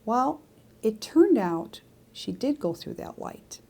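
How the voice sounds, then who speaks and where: A woman's voice: on the high side, sing-song, slow, creaky, mellow, husky. A woman, a psychic medium, telling a personal story to her viewers in a chatty, confiding way with frequent asides. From Greek descent. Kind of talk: casual storytelling to camera.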